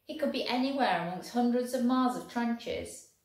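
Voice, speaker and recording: A woman's voice: on the high side, moderate pace, voice pushed up, lightly acted. A woman voicing a blunt, exasperated male soldier who scolds his friend. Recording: very echoey room.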